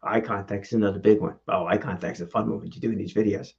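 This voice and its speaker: A man's voice: fast talker, creaky, highs cut off. A man hosting his own talking-head vlog about public speaking, talking casually to the camera and asking lots of rhetorical questions. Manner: animated, rhetorical questions, shifts pitch for emphasis. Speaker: vlog host and speaking coach. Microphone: camera mic.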